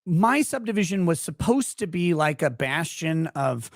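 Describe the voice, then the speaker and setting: A man's voice: fairly high pitch, big pitch swings, measured pace, vocal fry, no room sound, studio quality. A man in his forties from Houston, a podcast guest telling a rambling, profane story in casual chat. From Houston, Texas.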